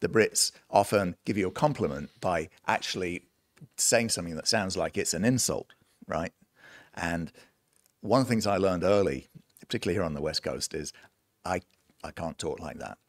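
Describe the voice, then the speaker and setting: A middle-aged man with a mostly British accent, a guest in a casual interview, telling animated stories with laughs. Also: sits low, normal speed, no room sound, clean studio sound. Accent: British, mostly, after long years in the United States. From United Kingdom. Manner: animated storyteller who laughs often and acts out quoted voices. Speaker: guest, entrepreneur and songwriter.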